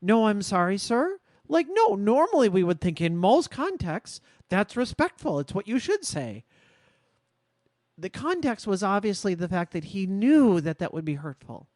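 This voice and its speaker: Woman podcast co-host, earnest and reflective, very expressive intonation, dry close sound. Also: medium pitch, no echo. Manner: reflective storytelling, measured and earnest. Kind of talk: casual podcast conversation.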